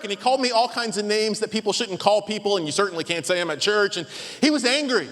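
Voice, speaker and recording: Animated pastor with a high voice. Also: male voice, quick pace. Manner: animated, acts out voices in his stories. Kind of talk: storytelling sermon. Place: large church hall. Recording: long hall reverb.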